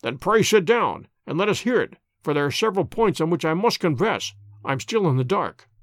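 Crisp bossy detective, a man reading him, lively voice, dry close sound. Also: on the high side, a little fast, no room sound, close to an everyday voice. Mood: commanding. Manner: crisp, decisive. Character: sharp, commanding male detective.

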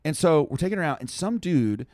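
Animated man telling a rambling story. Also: on the high side, a little fast, no room sound. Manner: animated, rambling, heavy use of "like". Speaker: touring musician, guest. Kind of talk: casual storytelling on a podcast.

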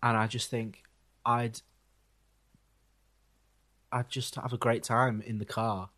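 A young man co-hosting a podcast, giving wry, deadpan song reviews. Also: medium pitch, slow. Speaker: podcast co-host. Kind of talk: casual music review chat.

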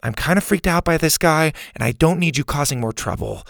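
A nervous young boy camper jokes to cover his worry, as a male narrator plays him. The voice is pitched up a little with a touch of gravel. It is a dry, close storybook reading. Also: expressive, a little fast, fairly bright tone, dry recording. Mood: coaxing. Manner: light, jokey, a bit anxious.

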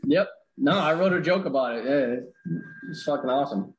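A man's voice: a little high, brisk. A man co-hosting a casual podcast chat, telling stories with crude language and acting out quotes. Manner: storytelling, swearing, acts out quotes. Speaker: podcast co-host. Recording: roomy echo with faint background noise.

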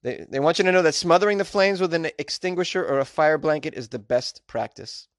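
A man's voice: on the high side, brisk, no room sound. Jokey podcast host man, dry sound. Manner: jokey, chuckling asides, loose rambling. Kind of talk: casual news commentary podcast.

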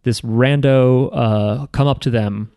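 A man's voice: medium pitch, steady tone, slow, mellow, no room sound. Sarcastic young man recapping anime, dry sound. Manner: rambling, sarcastic, many fillers. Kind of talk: casual chat recapping an anime episode.

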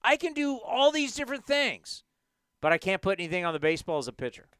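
A man hosting a sports talk show, ranting emphatically in a lively, animated way. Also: sits high, fast, smooth, no room sound. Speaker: host.

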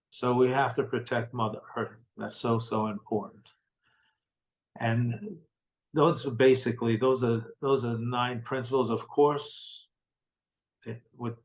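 A man's voice: mid-range voice, poor audio. Earnest middle-aged man telling his story. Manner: earnest and heartfelt, repeats words for emphasis. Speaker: interview guest. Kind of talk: personal storytelling in conversation.

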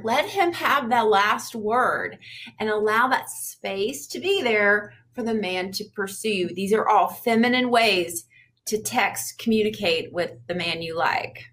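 A woman's voice: medium pitch, a little slow, a bit bright. A woman dating coach giving chatty, upbeat advice on a livestream, repeating points for emphasis.

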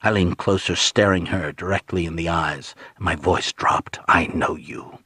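A man reading a first-person novel aloud in a measured, hushed storytelling manner. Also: low voice, fairly even intonation, husky, no echo, studio quality. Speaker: audiobook narrator. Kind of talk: first-person audiobook narration.

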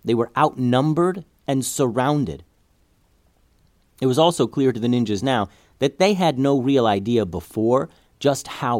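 A man's voice: mid-range voice, a little mellow, dry recording, clean studio sound. A man narrating an adventure story aloud, building tension through the action scenes.

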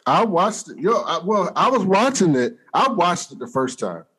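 A man's voice: sits high, very animated, normal speed, a bit bright, breathy edge. A man co-hosting a podcast in casual chat, explaining his take in a thoughtful, earnest way. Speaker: podcast co-host.

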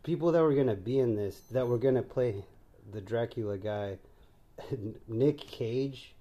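Slangy dark-voiced man chatting. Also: medium pitch, measured pace. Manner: slangy, profane, animated, mimics film scenes. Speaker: podcast co-host. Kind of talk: casual movie review chat.

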